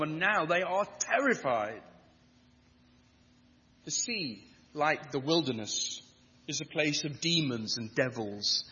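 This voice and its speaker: A man's voice: fairly high pitch, bright, forceful tone. A man preaching a sermon with an emphatic, rhythmic delivery that builds on repetition. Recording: dull lo-fi sound with long hall reverb.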